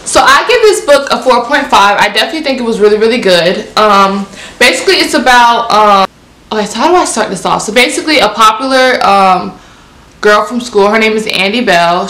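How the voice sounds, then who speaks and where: A young woman, casually reviewing books in an animated, repetitive way. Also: medium pitch, echoey room. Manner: animated, repeats herself, lots of "like". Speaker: book reviewer. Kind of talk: casual book review vlog.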